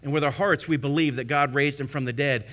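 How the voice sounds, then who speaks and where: A male pastor preaching a sermon with strong conviction, swinging between hushed, slow phrases and loud, rising declarations. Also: mid-range voice, fairly even intonation.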